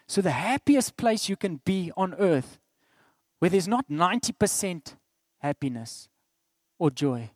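A middle-aged man with a South African accent preaching a sermon, swinging between loud declarations and soft asides. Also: high voice, big pitch swings, a little slow, dry recording, clean studio sound. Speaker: pastor.

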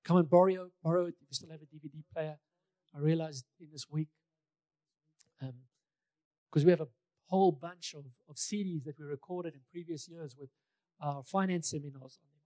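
A man's voice: fairly high pitch, moderate pace, pauses often, warm tone, no room sound. A male pastor preaching a sermon in a conversational way, repeating key phrases for emphasis, with touches of light humor.

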